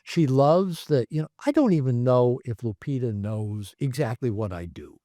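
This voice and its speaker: A man, a therapist and author, telling stories in a casual interview, rambling and animated with many fillers. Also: medium pitch, moderate pace, no echo, clean studio sound. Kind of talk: casual conversational storytelling. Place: his home.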